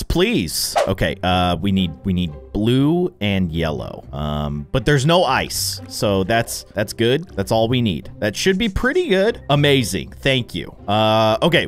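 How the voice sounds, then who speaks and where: Young male gaming host, lively jumpy pitch, playful and jokey. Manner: playful, animated, mock-dramatic. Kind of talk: casual gameplay commentary.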